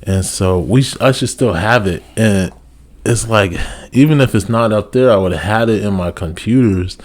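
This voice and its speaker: Low-voiced man, loose podcast chatter. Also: normal speed. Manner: loose, rambling, swears casually. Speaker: guest rapper. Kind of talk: casual podcast chat and freestyle rap.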